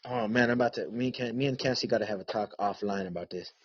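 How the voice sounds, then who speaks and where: A man hosting his own podcast in a rough, husky voice, rambling and teasing with crude words and frequent restarts. The sound is dry and close, with no room around it. The mic gives a dull, lo-fi tone. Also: fairly low pitch, fast, no echo. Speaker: podcast host. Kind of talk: casual rambling podcast rant.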